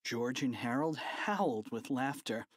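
A playful, expressive narrator reading a children's audiobook. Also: mid-range voice, a little slow, husky, dry recording, studio quality.

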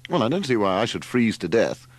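A man's voice: fairly low pitch, big pitch swings, fairly quick, no room sound. A man reading aloud, voicing a self-important young man who drawls with lofty superiority. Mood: haughty.

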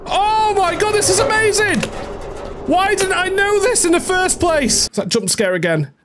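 A woman giving let's play commentary on a horror game, jumpy and swearing, with frightened yelps and shouts. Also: very high-pitched, animated, moderate pace, a little hiss or hum. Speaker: gaming video creator.

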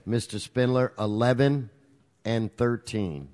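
A man chairing a council meeting in a brisk, procedural way, keeping speakers on the item. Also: medium pitch, darkish tone. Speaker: council president. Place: council chamber. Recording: reverberant hall.

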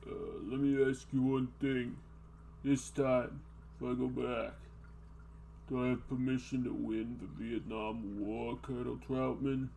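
A man imitating a gruff action-movie soldier, speaking in a slow, low, mumbled drawl. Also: little pitch movement, warm tone, a little hiss or hum. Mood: brooding.

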